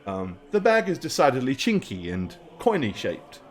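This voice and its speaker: A man narrating a tabletop game as game master, relaxed and chatty with fillers. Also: medium pitch, normal speed, faint music behind.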